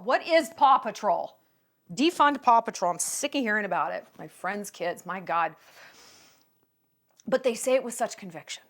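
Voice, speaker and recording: A woman's voice: mid-range voice, expressive, a little slow, long pauses, fairly bright tone. A woman hosting a vlog, giving sarcastic, mocking commentary with plenty of emphasis. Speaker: vlog host.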